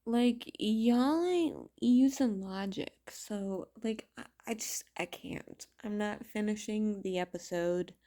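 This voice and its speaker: A woman reviewing videos lets off steam in an informal vlog, using a medium-pitched, mellow, dark voice. Her delivery is slow and frank, peppered with swear words, and her irritation is constant.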